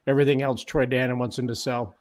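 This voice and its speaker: A man's voice: mid-range voice, little pitch movement, fast talker, a little mellow. A man co-hosting a sports talk show, making his points emphatically and repeating them, with fillers like uh and um. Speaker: sports radio co-host.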